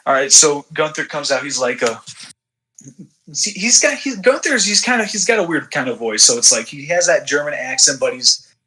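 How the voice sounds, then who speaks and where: A man's voice: on the high side, sing-song, moderate pace, bright, forceful tone, poor audio. A young man chatting casually while booking a wrestling sim game, loose and laughing, swearing often. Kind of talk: casual gaming chat.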